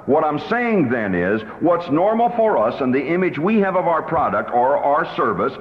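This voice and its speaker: A man's voice: fairly high pitch, sing-song, normal speed. Man, sales lecture, emphatic storyteller, roomy hall. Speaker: sales trainer. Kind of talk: sales seminar lecture with anecdotes. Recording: roomy hall, dull lo-fi tape.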